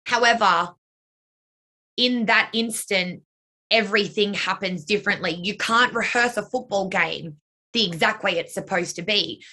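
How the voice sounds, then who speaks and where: A woman's voice: mid-range voice, a little slow, bright, forceful tone. A young woman, a dance and cheer coach and choreographer, answering interview questions in a chatty way, full of "like" and "you know".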